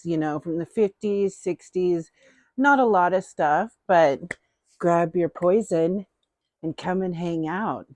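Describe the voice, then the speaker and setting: A middle-aged woman hosts her own casual haul vlog, chatting in an unhurried, playful way and often repeating a phrase. Her voice is a bit low for a woman, with a darkish tone. The recording sounds dry and close, without room echo.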